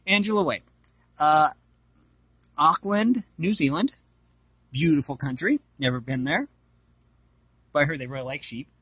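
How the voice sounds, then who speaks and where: A man's voice: a little high, animated, unhurried, pauses often, fairly bright tone, husky, dry recording. A man casually reading an art book aloud and commenting, hesitant and apologetic as he stumbles over names.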